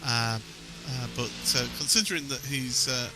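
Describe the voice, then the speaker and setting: A man's voice: mid-range voice, measured pace, over loud music. A man giving live sim racing commentary, jokey and rambling, often laughing.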